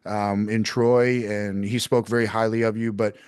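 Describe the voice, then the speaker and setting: Man, podcast host, lower voice, chatty, laughs a lot, dry close sound. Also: normal speed, clear, resonant tone, no room sound. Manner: energetic, laughs often, chatty. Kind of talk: podcast interview.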